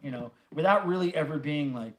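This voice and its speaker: A man's voice: a little high, fairly quick. Rambling man hosting a casual livestream. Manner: rambling, many fillers, swearing. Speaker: livestream host. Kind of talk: casual chat reading viewer comments.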